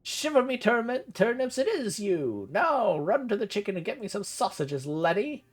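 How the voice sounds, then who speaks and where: Man voicing old eccentric gnome uncle, game, higher pitch, archaic folksy speech. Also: big pitch swings, normal speed, husky, full character voice. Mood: excited.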